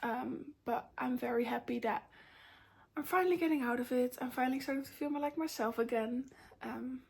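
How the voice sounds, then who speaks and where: A young woman with a fairly high voice chats openly to her camera, sharing a personal life update. She is candid and talkative, and her sentences are loose and full of ums and likes. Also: a little fast, gravelly, slightly rough. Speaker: vlogger.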